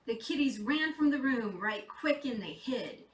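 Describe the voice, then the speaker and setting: A woman's voice: fairly high pitch, animated, unhurried, distant mic. A woman reading a rhyming Christmas storybook aloud in a playful, sing-song rhythm. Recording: echoey room, off mic.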